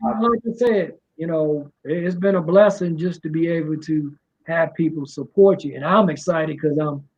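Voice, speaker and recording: A middle-aged man from Washington, D.C. talks with a soft drawl, in a loose, rambling style full of "you know" fillers. His voice sits a little high for a man. The recording sounds muffled and dull. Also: moderate pace, breathy edge. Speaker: music promoter and guest. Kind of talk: casual interview. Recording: muffled low-fidelity sound.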